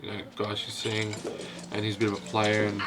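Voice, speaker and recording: A film review host talks casually about a movie, hesitant and rambling, constantly saying "you know." His voice is on the low side and completely flat, a little fast, over a noisy background.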